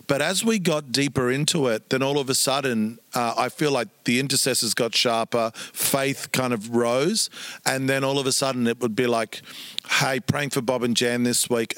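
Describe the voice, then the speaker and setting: A man's voice: medium pitch, brisk, a bit bright, no echo. A man, a pastor, earnestly telling stories in a conversation and acting out what people said to him. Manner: earnest, acts out quoted speech. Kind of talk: storytelling in conversation.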